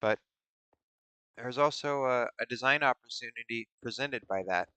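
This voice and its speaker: A man's voice: medium pitch, moderate pace, pushed and bright, smooth, no room sound. A man hosting a stream in casual, rambling chat, musing aloud in a playful way. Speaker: streamer host.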